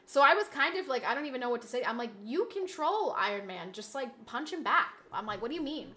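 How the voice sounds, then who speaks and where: A woman's voice: high-pitched, animated, fast, bright, forceful tone. A woman live streamer chatting casually with viewers, telling a story in a rambling way, full of restarts and repeated words. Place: indoors at home streaming setup.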